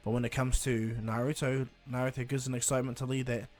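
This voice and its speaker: A man's voice: mid-range voice, flat delivery, quick pace, darkish tone, soft background music. A man casually retelling a fan story, rambling along with restarts and "and he goes.".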